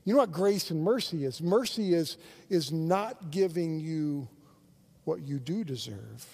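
High-voiced, slow-preaching pastor. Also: male voice, expressive, vocal fry, darkish tone, breathy edge. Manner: earnest preaching with repeated restarts and sudden swells of intensity. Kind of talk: sermon.

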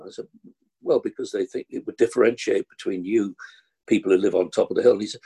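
A man's voice: on the low side, fairly even intonation, quick pace, mellow, husky. An older man, chatting as an actor guest and telling rambling anecdotes. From London. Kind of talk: casual interview chat.

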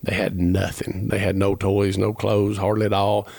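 A man's voice: on the low side, completely flat delivery, normal speed, creaky, a little mellow, dry recording. A man, telling a long personal story as a podcast guest, earnest and rambling, acting out the dialogue as he goes. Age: 50s. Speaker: musician guest.

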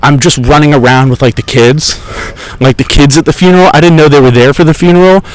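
A young podcast host talks fast in a slightly high, steady voice, captured on a low-quality recording outdoors in a park. His casual chat is full of rambling, profane, sarcastic stories.

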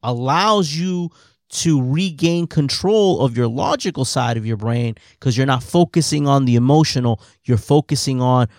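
A man's voice: mid-range voice, animated, normal speed, dry recording, studio quality. A man co-hosting a podcast, agreeing and adding to the point, with frequent restarts and "right?" tags. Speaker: podcast co-host. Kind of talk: conversational podcast chat.

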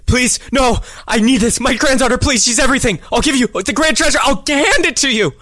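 A man's voice: very high voice, a little fast, pushed and bright, no echo, clean studio sound, pitched above the performer's own voice, heavily acted. A man voicing a frightened older male captive who begs desperately. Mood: pleading. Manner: desperate begging.

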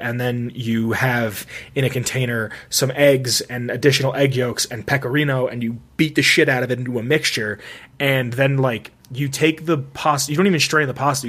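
A man's voice: medium pitch, a bit bright. A young man chatting casually as a podcast co-host, rambling with lots of "like" and restarts. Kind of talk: casual chat.

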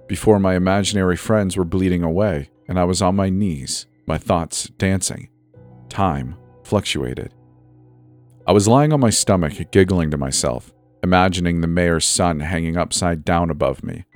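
Deep-voiced man narrating a horror story. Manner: measured first-person storytelling, dropping soft and slow in dreamy passages. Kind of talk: scripted narration. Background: faint music.

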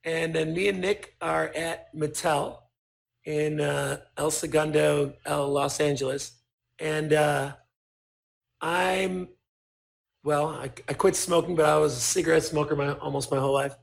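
A male toy designer, appearing as a guest, tells stories in casual, profane talk, animatedly acting out what people said. His voice is fairly high-pitched and creaky, and his pace is measured.

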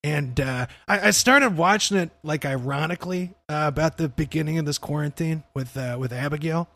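Gravelly laid-back young man. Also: a little high, moderate pace, pushed and bright, no room sound. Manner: laid-back, swears a lot, says "dude". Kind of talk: casual chat.

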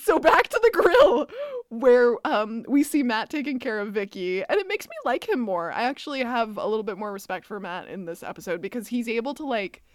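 A woman co-host with a somewhat high voice, talking through a TV episode casually and acting out scenes in mock dialogue. The sound is dry and close, with no room echo behind her. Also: very animated, brisk. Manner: opinionated, quotes scenes in mock dialogue, laughs often. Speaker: podcast co-host. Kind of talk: casual chat recapping a TV episode. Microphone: remote call setup, each on own end.

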